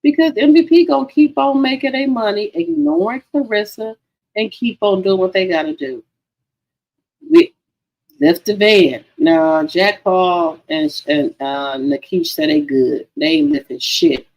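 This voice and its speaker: A woman's voice: medium pitch, a little slow, a little mellow, muffled recording. A woman hosting a casual gossip livestream, chatty and profane, talking to her viewers as girlfriends. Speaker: livestream host.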